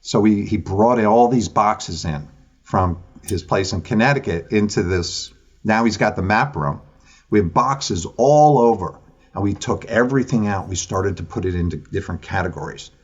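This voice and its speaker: A man, a podcast guest and author, telling an animated story in an interview over a video call, acting out the conversations he recounts. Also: fairly low pitch, moderate pace, husky, muffled recording.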